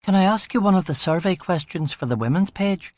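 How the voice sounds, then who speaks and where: A teasing, sentimental young woman in a crime audiobook, her voice lifted higher and quieter than the rest of the reading, as a male narrator puts her on. She asks her questions lightly and playfully. The recording is dry and close. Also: animated, a little fast, no room sound.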